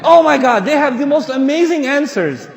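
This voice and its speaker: A man delivering a sermon with animated storytelling, swinging between loud and hushed. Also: extremely high pitch, normal speed, a faint crowd, a little hiss or hum. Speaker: Islamic speaker. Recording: echoey hall with long reverb.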